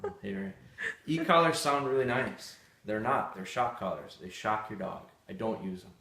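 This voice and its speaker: Man, lowish voice, dog trainer, live Q&A, blunt and candid, echoey room. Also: steady tone, a little fast, vocal fry, a bit bright. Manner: candid, blunt, storytelling with restarts. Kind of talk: live Q&A, answering viewer questions.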